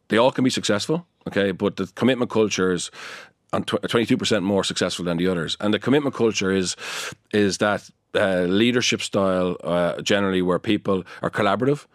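A man with a deep, low voice talks as a guest in an interview. He is animated and keen, stumbling into restarts and fillers as his thoughts run ahead. The sound is close and dry, with no room around it. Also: brisk, dry recording. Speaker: guest, performance consultant. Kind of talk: conversational interview.

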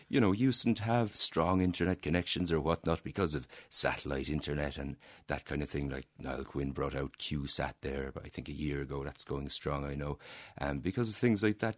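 Irish guy in his 20s, super deep voice, easygoing rambly radio guest, dry studio sound. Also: no echo. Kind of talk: casual radio interview.

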